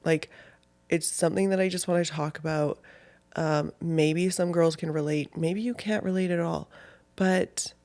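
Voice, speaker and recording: Chatty young woman, low-spirited podcast host. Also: fairly even intonation, measured pace, darkish tone. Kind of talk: casual solo podcast chat.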